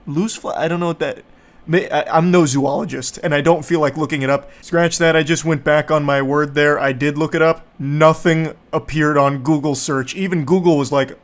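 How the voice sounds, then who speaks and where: A man with a slightly high voice reads out text messages and comments on them. His delivery is dry and sarcastic. He swears freely. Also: normal speed. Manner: sarcastic, profane, deadpan mockery. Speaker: host.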